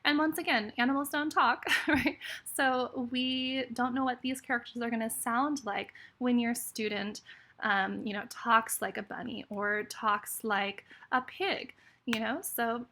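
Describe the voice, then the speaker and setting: A speech therapist with a fairly high, sharp voice walks through a therapy resource on a screen share, keeping a steady tone and an unhurried pace. She's friendly and explanatory, using frequent fillers.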